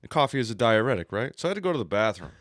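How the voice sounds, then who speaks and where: A man's voice: mid-range voice, very animated, rapid-fire, fairly bright tone, no echo, clean studio sound. A man co-hosting a podcast, rambling through crude, mocking jokes in casual banter. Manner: rambling, crude jokes, mock painting-show narration. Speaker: co-host.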